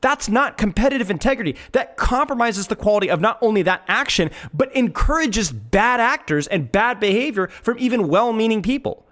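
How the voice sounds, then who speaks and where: Male streamer, animated voice, emphatic, repeats himself, gaming commentary. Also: high voice, brisk, hardly any pauses.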